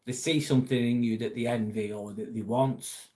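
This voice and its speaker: A man's voice: medium pitch, fairly even intonation, moderate pace, mellow. A man hosting a casual livestream, chatting bluntly with viewers and swearing freely. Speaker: livestream host reading viewer chat. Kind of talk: casual live chat.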